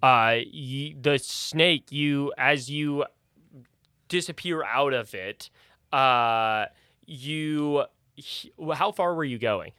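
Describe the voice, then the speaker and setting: A man's voice: medium pitch, slow, bright, forceful tone, clear, resonant tone, dry recording, studio quality. A man narrating a tabletop game as game master, hesitant and full of fillers. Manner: hesitant, lots of uh and um.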